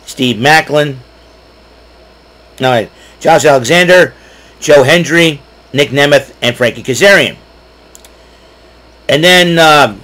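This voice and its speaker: A man hosting his own show, recapping events in a chatty, excitable way and clearing his throat often. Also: on the high side, rough recording. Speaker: podcast host. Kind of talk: casual solo recap.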